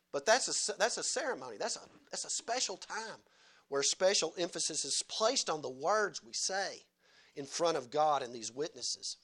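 A man's voice: high-pitched, bright, forceful tone. A male pastor delivering a sermon at a church service, earnest, repeating key phrases and asking rhetorical questions.

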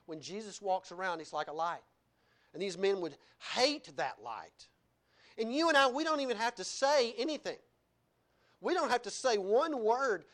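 Animated preacher man. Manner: animated, laughing asides, wide swings in pitch and loudness. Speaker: pastor. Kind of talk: sermon.

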